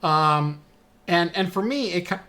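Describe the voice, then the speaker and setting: A man hosting a casual chat, relaxed and rambling, trailing off with "and whatnot". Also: high voice, measured pace. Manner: relaxed, talks in long rambling runs with "and whatnot"; hiccupping now and then. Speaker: show host.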